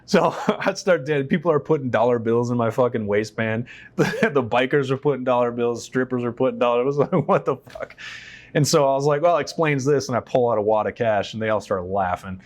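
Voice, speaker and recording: This veteran speaks briskly in a mid-range voice, appearing as an interview guest on the stage in his shop. His stories are personal and relaxed, full of frank swearing and impressions of the people he's quoting.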